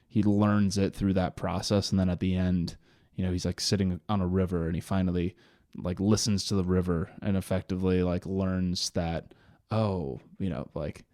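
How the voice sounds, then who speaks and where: A man's voice: deep voice, little pitch movement, normal speed, darkish tone, no room sound, clean studio sound. A young man co-hosting a podcast, reflective and searching for words, with many fillers. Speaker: podcast co-host. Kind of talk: casual chat.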